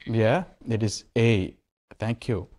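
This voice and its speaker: Mellow-voiced man teaching grammar. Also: on the low side, steady tone, takes it slowly. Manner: asks questions and answers them himself, repeating key words. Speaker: English teacher. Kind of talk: televised grammar lesson.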